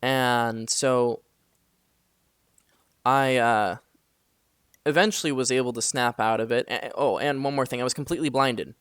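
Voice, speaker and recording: Halting young man retelling a dream. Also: mid-range voice, fairly bright tone, clear, resonant tone, dry recording, studio quality. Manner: halting, filler-heavy retelling. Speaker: storyteller. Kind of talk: casual spoken dream story.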